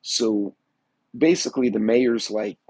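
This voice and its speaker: A man hosts a casual livestream in a folksy, rambling way. His voice sits a little low and sounds husky. The sound is dry and close, with almost no room echo. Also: measured pace, a little mellow. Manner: rambling, folksy, greets chat viewers by name. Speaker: livestream host. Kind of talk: casual political livestream chat.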